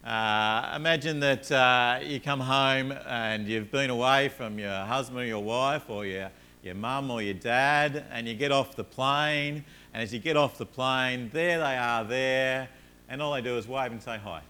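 A man preaching a sermon, telling everyday stories with rising energy, then dropping low and soft to make his points. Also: unhurried, clear, resonant tone. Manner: earnest, rises animatedly in stories, drops low and soft on points. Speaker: pastor.

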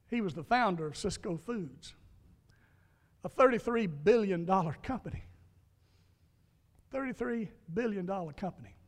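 A man's voice: high voice, in a large hall. A man preaching a sermon, telling folksy stories and repeating key lines for emphasis. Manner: folksy storytelling, emphatic repetition. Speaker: pastor.

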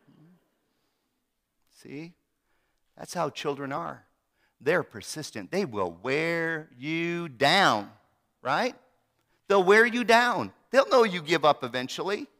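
A man in his fifties preaching a sermon, swinging dramatically between loud emphasis and hushed asides. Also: a little high, animated, slow pace. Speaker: pastor. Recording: long hall reverb.

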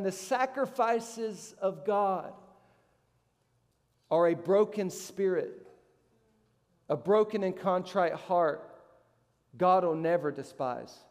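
Pastor, male, high tenor preacher; emphatic delivery, sharp jumps on questions; long hall reverb. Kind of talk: sermon.

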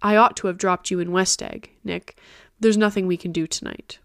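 A woman voicing a gruff, commanding wealthy man in an audiobook reading, brisk and authoritative. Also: on the low side, fairly even intonation, no room sound, studio quality. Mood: grave.

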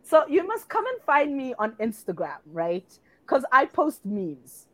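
A woman's voice: high-pitched, wildly swooping pitch, measured pace, no room sound, rough recording. Emphatic woman guest. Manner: emphatic, repeats herself playfully. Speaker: podcast guest. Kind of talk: casual interview chat.

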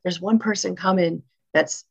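A woman music executive, a guest on an interview show, telling animated stories and acting out what people said. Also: lowish voice, moderate pace, creaky, husky. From northeastern United States. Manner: animated storyteller, acts out quotes. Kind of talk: casual interview chat. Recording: dull lo-fi audio.

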